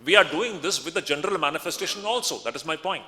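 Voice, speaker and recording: A man's voice: fairly high pitch, animated, fast talker, sharp tone, big-room sound. A middle-aged man, a monk giving a spiritual discourse, emphatic and repetitive, chanting Sanskrit verses. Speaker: monk lecturing on scripture. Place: lecture hall.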